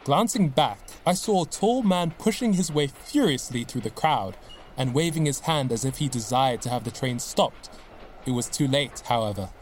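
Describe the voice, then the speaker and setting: A man narrating a classic story as an audiobook, with steady, expressive storytelling. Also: mid-range voice, a little hiss or hum.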